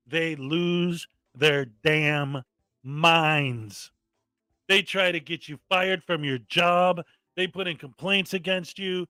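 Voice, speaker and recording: High, bright-voiced man ranting in commentary. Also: unhurried, no echo, soft background music. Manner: exasperated, mocking, often mimics people angrily. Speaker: commentary host.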